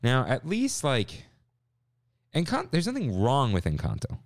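A man's voice: medium pitch, wildly swooping pitch, unhurried, dry recording, clean studio sound. A young man co-hosting a casual podcast, chatting and reading listener emails aloud. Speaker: podcast co-host. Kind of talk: casual chat.

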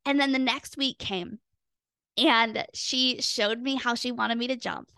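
A young woman hosting a podcast, telling a personal story in an earnest, expressive way and acting out her own past thoughts. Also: on the high side, unhurried, smooth, no echo, clean studio sound. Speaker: podcast host and weight loss coach.

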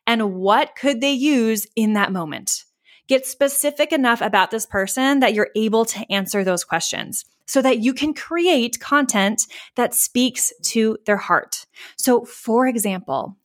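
A woman hosting her own marketing podcast, talking casually and candidly. She sounds chatty and relaxed, drops the odd swear word, and acts out client reactions as she explains. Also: fairly high pitch, a little slow. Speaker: podcast host, marketing coach. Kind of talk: casual solo podcast teaching.

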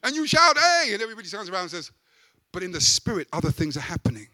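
A man preaching a sermon as pastor, emphatic, with loud rising peaks. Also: high voice, sing-song, very fast, no echo.

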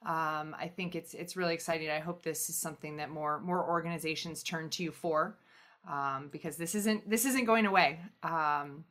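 A woman's voice: low-pitched, fairly even intonation, normal speed, fairly bright tone. A woman co-hosting a podcast, talking casually and enthusiastically with her guest. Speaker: podcast co-host. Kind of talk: casual chat.

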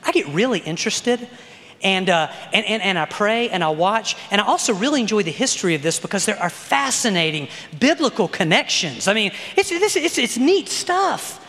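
A man's voice: sits high, big pitch swings, normal speed, pushed and bright, in a large hall. A middle-aged man preaching a sermon as a pastor, in a conversational style that keeps checking in with "okay?" and "all right?". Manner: conversational preaching with frequent "okay?" tag questions.

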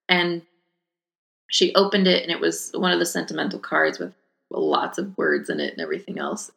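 Chatty woman with a gravelly low voice. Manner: chatty, animated, acts out customers' voices. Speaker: podcast host. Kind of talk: casual storytelling.

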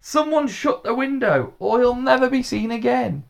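A man voicing excited young schoolchildren in a much higher voice. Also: moderate pace, gravelly, heavily acted. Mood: eager.

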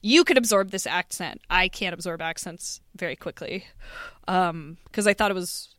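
A woman in her thirties chatting casually at a game table, bubbly and quick to laugh. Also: fairly low pitch, fairly bright tone, dry recording, studio quality. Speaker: player. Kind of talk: casual chat.

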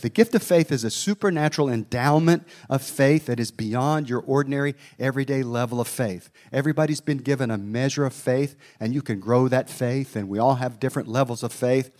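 A man's voice: mid-range voice, a little fast, few pauses, darkish tone. A middle-aged man preaching a sermon, telling a personal story in a folksy way, with asides to his listeners.

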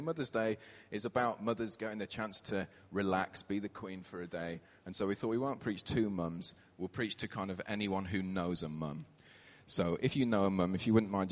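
Man in his thirties, low-pitched, conversational preacher, reverberant church hall. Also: fairly even intonation, brisk, few pauses. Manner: warm conversational, reads scripture aloud. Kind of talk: sermon with personal story.

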